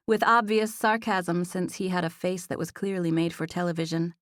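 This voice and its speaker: A woman narrating a first-person romance audiobook in an even storytelling voice, recorded in a studio. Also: lowish voice, moderate pace, no echo.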